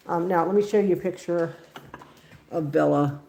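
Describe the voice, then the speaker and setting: A woman's voice: fairly low pitch, moderate pace, gravelly, pauses often, dark tone. A woman chatting casually with viewers on her livestream, rambling from topic to topic. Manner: rambling, friendly, talks sing-song baby talk to her dogs. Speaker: livestream host. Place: home kitchen and backyard.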